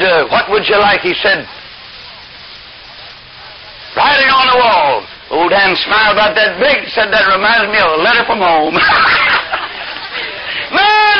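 A man preaching in a high, lively voice that swings all over as he acts out the story. He tells it folksy and animated. The recording is a dull, lo-fi tape with clear hiss behind him. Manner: animated, jumps into high squeaky voices for characters.

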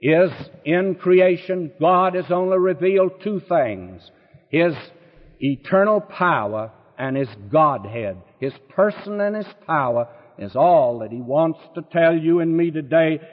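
A man's voice: a little high, animated, a little slow. Emphatic male preacher on tinny, echoing audio. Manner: folksy, emphatic preaching with rhetorical questions. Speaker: Bible teacher. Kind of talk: radio sermon. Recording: tinny, phone-like sound with long reverb.

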